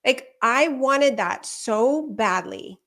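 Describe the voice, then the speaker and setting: A woman in her fifties hosting a talk show, chatting casually and quoting herself and others in lively asides. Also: a little high, slow. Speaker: podcast host. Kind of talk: casual chat, personal storytelling.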